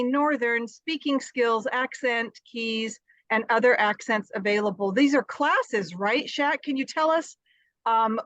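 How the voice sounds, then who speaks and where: Casting: enthusiastic woman host, fairly high voice, dry and slightly muffled call sound. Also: a bit bright, dry recording. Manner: effusive and enthusiastic. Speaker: interview host. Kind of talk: casual interview chat.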